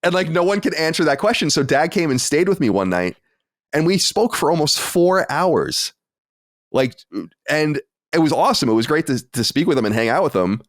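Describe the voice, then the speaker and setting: A man in his late thirties, a podcast co-host, telling an animated story with exasperated asides in casual chat. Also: on the high side, normal speed, no echo, clean studio sound. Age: 30s.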